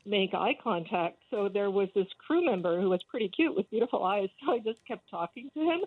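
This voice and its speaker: A woman's voice: medium pitch, lively intonation, fast, no echo, narrow, tinny audio. A woman calling in to a radio show, telling an anecdote in a bubbly, giggly way. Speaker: caller. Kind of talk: phone call to radio show.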